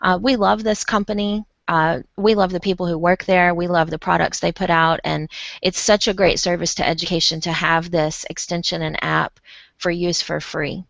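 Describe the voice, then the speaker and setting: Gravelly-voiced enthusiastic woman presenter. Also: fairly low pitch, steady tone, moderate pace, a bit bright, no echo. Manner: enthusiastic, effusive. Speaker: host and presenter. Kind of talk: online conference session. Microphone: video call. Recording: dull, dry video call audio.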